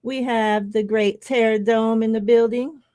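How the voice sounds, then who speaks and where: A woman's voice: on the high side, fairly even intonation, unhurried, warm tone. A woman co-hosting a sports podcast over an online call, greeting the live chat by name in a friendly way and talking casually. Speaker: podcast co-host.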